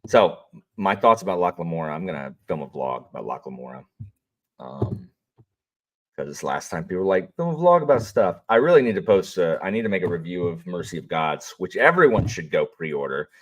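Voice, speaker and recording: Deep-voiced male streamer, lively swings in pitch, rambling and chatty with viewers. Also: a little fast. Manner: rambling, chatty, greets viewers, frequent fillers and restarts. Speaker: audiobook narrator and livestream host. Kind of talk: casual livestream chat.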